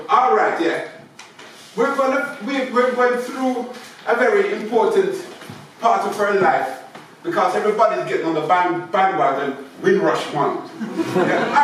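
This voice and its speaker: A man's voice: sits high, fairly bright tone, a little hiss or hum. A man in his seventies giving a joking, chatty talk to an audience as a photographer, often checking in with "yeah?". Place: large theatre space. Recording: echoey hall, mic far off.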